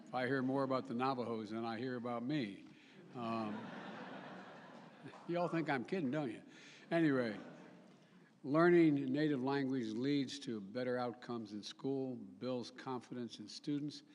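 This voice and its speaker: A man's voice: medium pitch, a little mellow. Emphatic man speaking with long reverb. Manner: emphatic, with repetitions, restarts and joking asides. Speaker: national leader giving a speech. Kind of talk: formal public speech.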